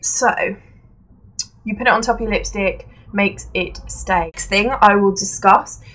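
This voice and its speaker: A woman's voice: medium pitch, fairly even intonation, measured pace, a bit bright. Young woman, beauty vlogger, rambling chat with lots of ums, recorded at home. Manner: chatty, rambling, many fillers and self-corrections. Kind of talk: casual product review chat. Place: indoors at home, seated on a creaky chair.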